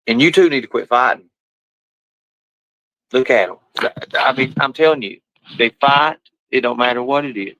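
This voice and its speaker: Bright-voiced man streaming casually. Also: medium pitch, moderate pace, pauses often, no echo, rough recording. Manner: talks to his pets and viewers, swears freely; rough, colloquial speech. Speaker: live streamer. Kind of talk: casual live-stream chat.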